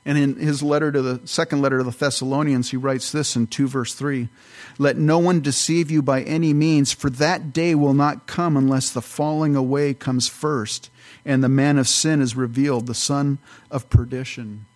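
A man's voice: mid-range voice, steady tone, normal speed, darkish tone. A man, a pastor, teaching through a Bible passage verse by verse in a conversational, explanatory way.

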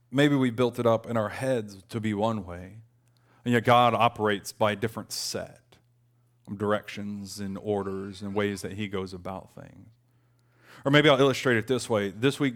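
A man's voice: medium pitch, fairly bright tone. Earnest man preaching a sermon. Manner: earnest, conversational preaching, rising with emphasis on quoted laments. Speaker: pastor.

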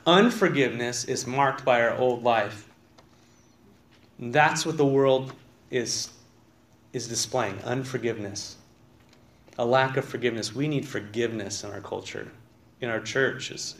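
A man's voice: mid-range voice, fairly even intonation, moderate pace, creaky, pauses often, fairly bright tone, a little hiss or hum. A man preaching a conversational sermon in a church, reading scripture aloud and asking his congregation questions. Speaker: pastor. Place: church sanctuary.

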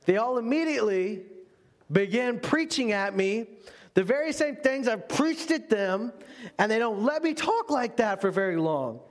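A man who is a pastor delivering an animated sermon, mixing humor with earnest exhortation. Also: extremely high pitch, normal speed. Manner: animated preaching with humor and acted-out voices.

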